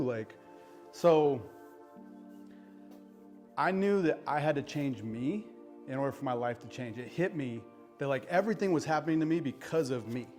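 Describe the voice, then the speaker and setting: A man's voice: mid-range voice, lively intonation, normal speed, pauses often, a little mellow. Man, podcast guest, earnest and emotional, chatty with fillers, faint music behind. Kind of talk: candid personal storytelling. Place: podcast studio with live audience.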